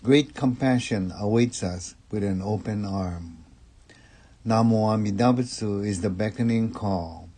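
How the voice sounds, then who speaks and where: A man giving a Dharma talk as a Buddhist minister, measured and calm. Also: fairly low pitch, husky. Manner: slow, measured and calm delivery.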